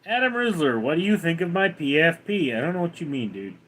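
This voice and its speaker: Man streamer, slightly high voice, lively pitch, drawls through chat replies. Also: brisk. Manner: drawling, answers chat names one by one. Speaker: livestream host reading chat. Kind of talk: casual livestream chat.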